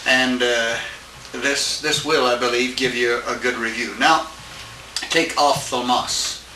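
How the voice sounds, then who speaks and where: A man teaching a Greek class, lecturing haltingly and often checking with his students. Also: medium pitch, bright, forceful tone. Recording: echoey room, distant mic, faint hiss.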